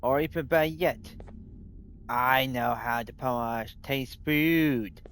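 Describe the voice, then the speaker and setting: A man's voice: mid-range voice, slow pace, a little hiss or hum. A male streamer giving rambling, mocking live commentary while playing a game. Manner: rambling, mocking, repeats a filler word. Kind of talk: live let's play commentary. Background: loud game music.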